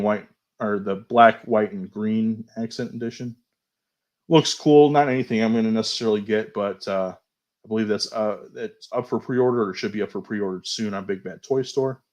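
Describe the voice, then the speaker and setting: A man hosting a toy show, casually going over new action figures, chatty and unhurried, often hedging and fumbling for names. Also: fairly low pitch. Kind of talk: casual toy news review.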